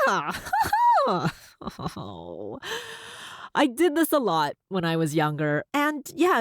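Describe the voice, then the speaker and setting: A woman hosts a solo podcast in a mid-range voice, recorded with clean studio sound and no room ambience. She has a slight lisp, lifts upward at the ends of sentences, and laughs often.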